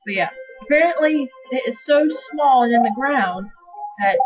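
High-pitched young woman playing a game w/ a friend, giggly, easygoing, dull lofi mic, faint music behind. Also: animated, normal speed. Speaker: co-host of a game playthrough. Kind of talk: casual gameplay chat. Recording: dull lo-fi home recording.

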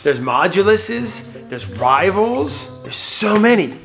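A man hosting a family toy vlog, talking playfully and excitedly with his kids. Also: sits high, takes it slowly. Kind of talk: casual family vlog chat. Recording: music bed under voice.

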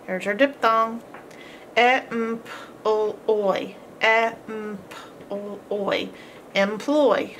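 A woman's voice: medium pitch, fairly even intonation, slow, a bit bright, a little hiss or hum. A woman teaching a homeschool phonics lesson, patiently sounding out each letter and syllable.

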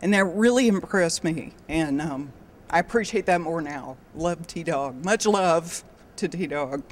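A woman giving a halting, affectionate audience testimonial. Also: sits low, a little hiss or hum. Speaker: audience member.

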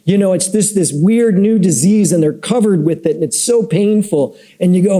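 A man's voice: high voice, moderate pace, few pauses, warm tone. A man teaching a Bible class at church in a loose, conversational way, telling stories and joking with the people in the room. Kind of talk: casual Bible class lecture. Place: church classroom with live audience.

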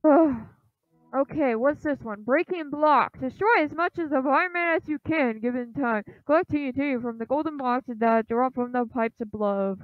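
A gaming channel host with a high voice offers casual commentary as she plays, sounding unsure and apologetic, filling pauses often and egging the game on with quick repeated shouts. The audio is tinny, lo-fi and phone-like, with no room sound.

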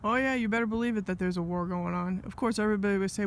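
A man's voice: high-pitched, rapid-fire, a little hiss or hum. A man talking alone in an angry, rambling monologue, full of asides and restarts. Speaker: vlogger.

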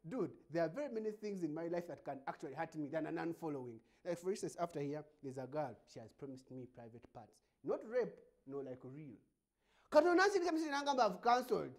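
Animated, gravelly-voiced Ugandan man. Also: on the high side, fast. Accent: Ugandan English. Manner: animated, laughing, mocking. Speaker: show host. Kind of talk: casual comedic monologue.

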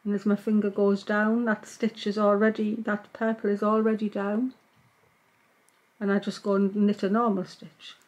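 A woman gives a knitting tutorial, narrating each stitch as she works. Her voice sits in a middle pitch, and she speaks in a calm, patient way. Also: moderate pace, poor audio. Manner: calm, patient, talks while working. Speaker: knitting teacher. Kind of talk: step-by-step craft tutorial.

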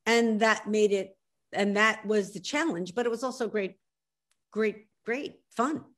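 Animated Philadelphia-accented woman author. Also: mid-range voice. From South Philadelphia. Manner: animated, emphatic, quick to laugh at herself. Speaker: author guest. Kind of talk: casual interview chat.

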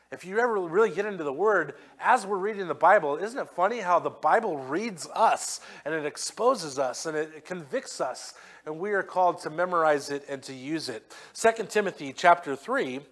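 Man, pastor, sermon, emphatic, fairly high voice. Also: expressive, moderate pace. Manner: emphatic preaching, rising loud on scripture readings; acts out quoted voices in asides.

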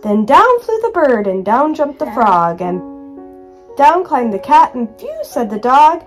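A woman reading a rhyming picture book aloud to her child in a lively, sing-song way. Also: sits high, a little slow, soft background music.

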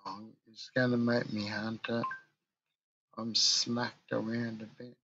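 A man's voice: mid-range voice, little pitch movement, slow, bright, forceful tone, slightly rough, dull audio. A drunk man with an Australian accent, rambling and ranting in a crude, swearing monologue for his vlog. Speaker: vlogger.

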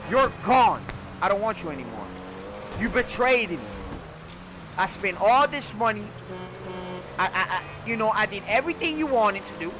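A man talks through a video game in an over-the-top comedic way, swinging between mock grief and loud outbursts. His voice jumps all over in pitch. There is noise behind him. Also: big pitch swings, moderate pace, pauses often. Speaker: gaming YouTuber. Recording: background noise under the voice.

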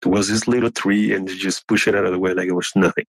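A man whose first language is not English, earnestly telling his story with halting restarts and frequent throat clearing. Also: sits low, flat delivery, dry recording, low-quality recording. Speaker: guest telling an encounter story.

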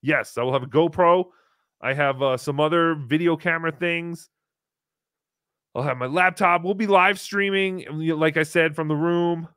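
Male call-in podcast host, fairly high voice, dry close mic, wry and rambling with casual swearing. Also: normal speed, a bit bright, smooth, dry recording. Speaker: podcast host taking calls.

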